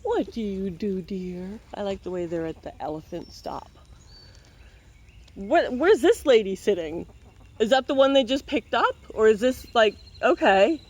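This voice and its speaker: A woman's voice: medium pitch, lively intonation, measured pace, husky. A woman reads a picture book aloud in a mid-range voice, stopping often for wry, playful asides. Her tone is casual and joking throughout. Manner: playful, wry running commentary.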